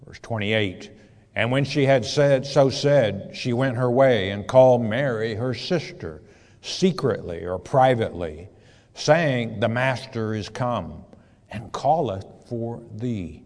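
A man's voice: medium pitch, animated, slow, darkish tone, big-room sound. A man teaching scripture verse by verse, reading each passage and then explaining it in plain words. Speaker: preacher.

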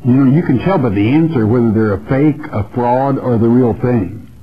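A man's voice: mid-range voice, normal speed, lo-fi sound. A man teaching the Bible verse by verse on a radio broadcast, earnest and repetitive, calling the listener his friend. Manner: earnest, repeats phrases, addresses listener as friend. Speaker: preacher.

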